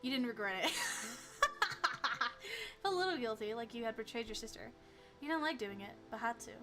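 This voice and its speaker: Young woman streamer reading a story game, high voice, giggly and chatty. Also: fast talker, faint music behind. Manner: animated, giggly, casual.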